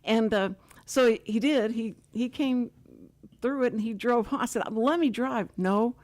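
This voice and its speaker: An older woman hosting a talk show, telling stories in a rambling, animated way full of asides. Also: fairly high pitch, normal speed. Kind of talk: casual chat.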